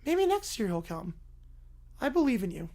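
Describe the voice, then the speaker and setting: A man's voice: high-pitched, normal speed. A man hosting a livestream, chatting casually and offhandedly with his viewers. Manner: relaxed, offhand, talking to chat. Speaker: livestream host.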